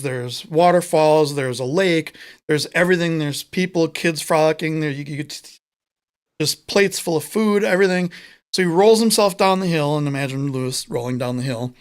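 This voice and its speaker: A man's voice: on the high side, clean tone. A man co-hosting a live talk show, telling a long joke in a rambling, casual way and searching for words. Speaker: podcast co-host.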